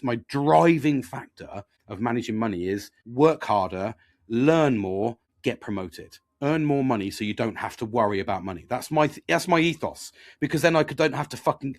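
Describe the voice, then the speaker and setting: A middle-aged man hosting his own podcast, talking in a loose, rambling way full of swearing and self-mockery. His voice has a gravelly rasp, sitting at an ordinary middle pitch for a man. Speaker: podcast host. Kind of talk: candid casual monologue.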